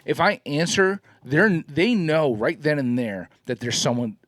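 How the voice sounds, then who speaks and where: A man's voice: fairly high pitch, unhurried, a bit bright, no room sound. A man co-hosting a podcast in casual chat, agreeable and inclined to repeat himself. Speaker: podcast co-host.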